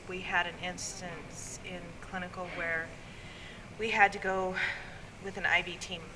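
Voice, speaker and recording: A woman with a slightly low voice tells a story in a matter-of-fact way. She is a nursing student speaking in a documentary interview. The recording is distant, with steady noise behind her. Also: measured pace.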